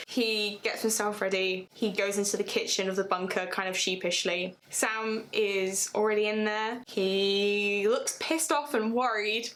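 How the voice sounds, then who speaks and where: A woman casually retelling a fan story, chatty and animated, swearing freely as she goes. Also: mid-range voice, unhurried, few pauses, rough recording.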